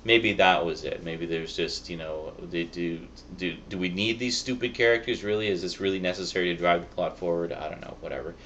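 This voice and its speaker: Deep-voiced man rambling through a review. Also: brisk, few pauses, fairly bright tone. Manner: rambling, chatty, frequent fillers and laughs. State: voice cracking. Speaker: Blu-ray reviewer. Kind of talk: casual spoken review. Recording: dull lo-fi sound, faint noise.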